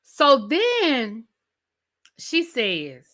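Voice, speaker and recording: A woman's voice: high-pitched, huge pitch swings, drawn-out words, a bit bright. A woman hosting a reality TV recap, ranting in a sassy, conversational way and talking straight to her viewers. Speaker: TV recap host. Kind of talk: animated reality TV rant.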